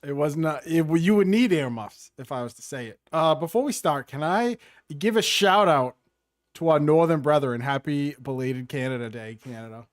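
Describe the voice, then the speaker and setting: A wisecracking man, co-hosting a loose gaming podcast. His slightly high voice swings widely in pitch and sounds close and dry. He trades short deadpan jokes. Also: normal speed, no room sound. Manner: joking, deadpan quips. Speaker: podcast co-host. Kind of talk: casual chat.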